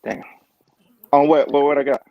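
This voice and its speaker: A man on a casual panel chat who talks in an animated, slangy way and laughs often. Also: fairly high pitch, moderate pace, highs cut off.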